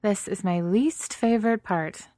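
A woman's voice: mid-range voice, a little slow, mellow, no echo, voice pushed up, lightly acted. A woman voicing Amanda, a frank, worried young superhero woman, in a storybook reading.

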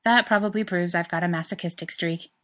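A woman's voice: fairly low pitch, fairly even intonation, fairly quick, a bit bright, close to an everyday voice. A woman voicing a playful, teasing male English professor who cracks jokes. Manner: teasing, wisecracking.

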